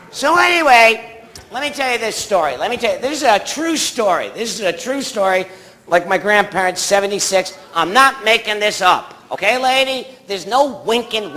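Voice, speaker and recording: A man works a live theatre crowd with a stand-up set, his voice pitched high and ringing bright. He rambles from bit to bit and keeps stopping to banter with the audience. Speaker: stand-up comic.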